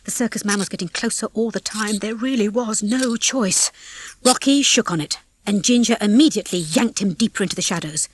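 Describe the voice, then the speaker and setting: A woman reading a children's storybook aloud as narrator, in a lively, expressive way on a close mic. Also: medium pitch, a little fast, husky, no room sound. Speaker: audiobook reader. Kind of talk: scripted narration.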